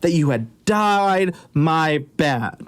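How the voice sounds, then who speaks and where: A man's voice: fairly high pitch, lively intonation, very slow, clear, resonant tone. A man voicing a worried, scheming male chief in an offhand, fretful way.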